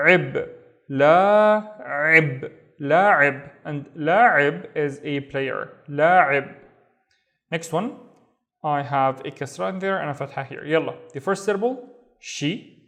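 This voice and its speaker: A man teaching Arabic reading, sounding out syllables slowly and patiently. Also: fairly high pitch. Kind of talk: language lesson.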